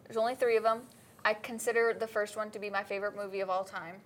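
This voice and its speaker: A woman's voice: medium pitch, little pitch movement, fast, a little hiss or hum. Playful woman from Oregon. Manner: enthusiastic and playful, jokes with friends. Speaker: podcast co-host. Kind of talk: casual chat.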